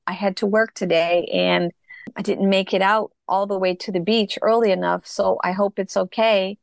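A woman's voice: medium pitch, creaky, no room sound, clean studio sound. A middle-aged woman telling her personal story as an interview guest, reflective and earnest. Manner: reflective, earnest, slow in places.

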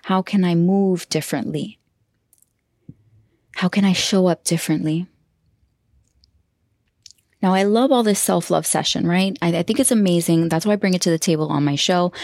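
A woman's voice: fairly low pitch, gravelly, darkish tone, dry recording, studio quality. A woman hosting a self-love coaching podcast, talking in an effusive, emotional way and laughing often. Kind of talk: heartfelt podcast monologue.

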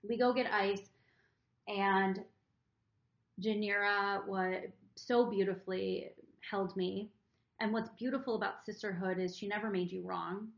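A woman's voice: mid-range voice, fairly even intonation, unhurried, gravelly, echoey room, muffled recording. A woman co-hosting a podcast who tells a personal story to her partner in an earnest, emotional, rambling way. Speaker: podcast co-host.

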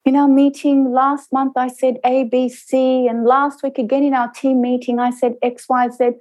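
A woman's voice: sits high, flat delivery, normal speed, darkish tone, voice pushed up. A woman quoting an upset female colleague in a raised, pleading voice. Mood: tearful, insistent.

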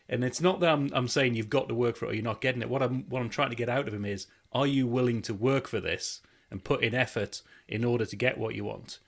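A man hosts a podcast in a casual, conversational way. He backs his guest with quick affirmations before offering reflections of his own. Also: medium pitch, gravelly. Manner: encouraging, quick short affirmations. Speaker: podcast host. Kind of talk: casual interview chat.

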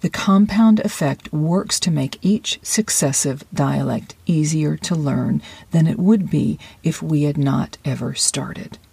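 An acting coach giving a conversational, encouraging lesson monologue. The coach sometimes drops into quick inner-voice asides and soft whispers for emphasis. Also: mid-range voice, gravelly, husky, no room sound. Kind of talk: podcast-style lesson monologue.

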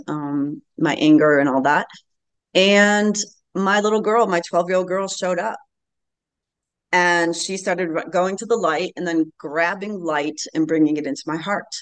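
Brief: woman, late fifties, podcast guest, earnest storyteller, slightly low voice. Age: late 50s. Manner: earnest, animated storytelling with frequent laughs. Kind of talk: casual interview storytelling.

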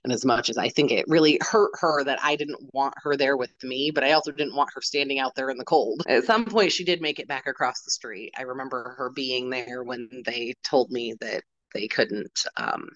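A woman in her forties, a podcast guest, telling a personal story in a halting way, retelling what people said. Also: rumbling low, fairly bright tone, no room sound, lo-fi sound. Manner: halting, retells dialogue with "I'm like".

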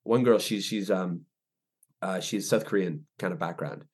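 A young man, a ministry director, telling stories as a podcast guest, animated and full of restarts. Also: low voice, normal speed, breathy edge. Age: young adult. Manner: animated storyteller, many restarts and fillers. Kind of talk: casual interview chat.

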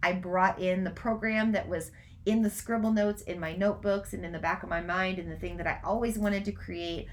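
A woman hosting a casual live stream, talking fast in run-on sentences, then gently guiding a breathwork practice. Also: on the low side, steady tone, slight background noise. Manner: gentle instructive guidance in breathwork. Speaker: spiritual coach and podcast host.

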